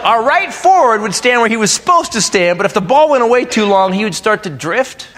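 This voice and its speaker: A man's voice: high-pitched, animated, brisk. A man doing a stand-up comedy routine on stage, ranting in an exasperated, mock-patriotic way. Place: comedy club stage before a live audience. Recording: live show with loud audience laughter.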